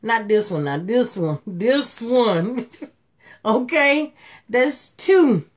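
A middle-aged woman, chatting to viewers on a live jewelry sale, laughing often and jumping from low murmurs to excited high bursts. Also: takes it slowly. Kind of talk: live selling stream, casual chat to viewers.

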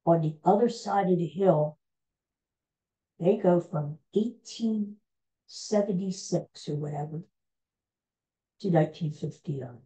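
A woman hosting a podcast, recapping old TV episodes in a casual, meandering, animated storytelling way. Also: fairly low pitch, a little slow, long pauses, poor audio. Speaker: podcast host.

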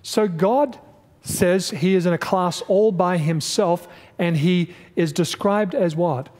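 A man's voice: sits high, slow, darkish tone, in a large hall. A male pastor teaching a Bible study lesson in a church, speaking emphatically and asking his class questions.

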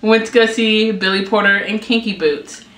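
A young woman vlogger chatting casually, often quick and halting as she restarts her sentences. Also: mid-range voice, fairly even intonation, fairly bright tone. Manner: quick, halting, self-conscious talk. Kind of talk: casual chat. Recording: echoey room with faint music.

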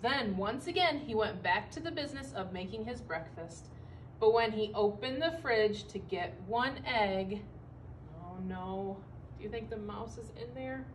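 A woman teacher reads a picture book aloud for children, expressive and stopping to point things out along the way. Her voice is somewhat high. She is heard from a distance, with faint background noise. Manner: expressive, pausing to comment for young listeners.

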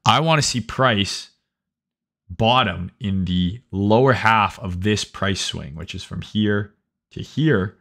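A man who teaches trading hosts a livestream, talking casually and slowly with swearing, reading chat aloud and tacking "right?" onto his points. His voice is fairly low in pitch and fairly bright.

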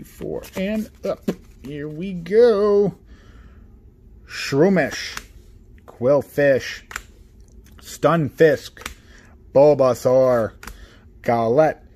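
A man hosting a card-opening video, listing cards quietly and getting excited over good pulls. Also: slight background noise. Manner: excitable, repeats "guys" and "oh my god"; lists cards in a low, subdued voice. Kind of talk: casual unboxing commentary.

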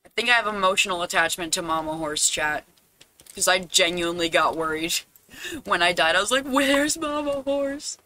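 A man streaming a game live, talking casually to his chat, fretting aloud and now and then bursting into loud dramatic cries. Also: high-pitched.

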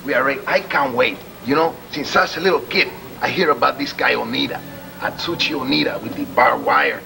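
A man's voice: medium pitch, fairly quick, creaky, music in the background, rough recording. A man wrestler in boastful, joking backstage banter.

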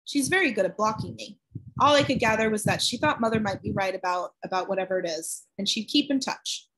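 A woman reading aloud, voicing a small, frail boy who talks quietly and earnestly and is short of breath. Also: medium pitch, a little fast, slightly rough, low-quality recording.

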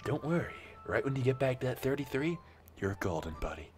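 Joking male streamer, lively pitch. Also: fairly quick, over music. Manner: joking, laughs often. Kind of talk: casual chat while playing a game.

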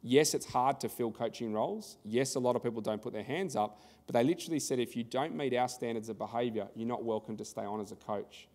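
A man's voice: mid-range voice, brisk, hardly any pauses, a little mellow, in a large hall. An Australian man presenting a conference workshop in a conversational style, telling anecdotes and acting out the dialogue.

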